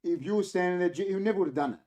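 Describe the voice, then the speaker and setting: An Australian man with a somewhat high voice tells a story on a casual podcast. He acts out what people said with plenty of energy. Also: very fast. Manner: animated storytelling, acts out quotes. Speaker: podcast host. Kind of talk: casual chat.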